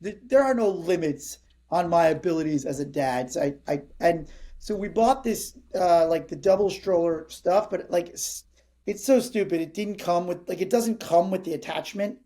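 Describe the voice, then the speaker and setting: A man's voice: high voice, moderate pace. A man in his thirties, a comedian guest, telling a story in casual chat with lots of energy. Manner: energetic, acts out other people's lines.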